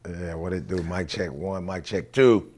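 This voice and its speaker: A man co-hosting a casual podcast, laid-back and quick with short joking reactions. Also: deep voice, a little mellow. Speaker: podcast co-host.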